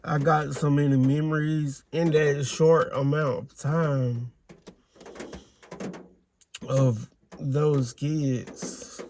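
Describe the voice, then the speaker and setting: A man speaking in a halting, candid and reflective way, recording a personal video diary. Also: fairly high pitch, flat delivery, darkish tone, slight background noise. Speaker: vlogger.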